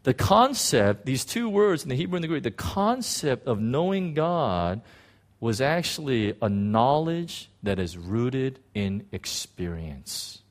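A man preaching a sermon in an animated way, acting out biblical figures, with frequent restarts. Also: medium pitch, takes it slowly. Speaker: pastor.

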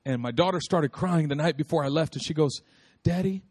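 A man preaching a lively, humorous sermon, repeating phrases for emphasis and calling out to his listeners. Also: on the high side, fast. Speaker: pastor.

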